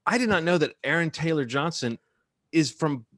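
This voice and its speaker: A man co-hosting a podcast about movies, chatting casually and getting animated, with laughs and sudden jumps up in pitch. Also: normal speed, no echo, studio quality. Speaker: podcast co-host. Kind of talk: casual chat.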